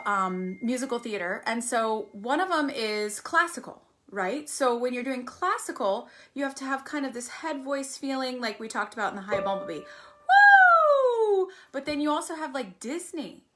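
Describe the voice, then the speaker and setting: A woman giving a musical theater singing workshop, explaining technique and breaking into sung warm-ups and examples. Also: on the high side, lively intonation, moderate pace, slight background noise. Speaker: voice teacher. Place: arts center.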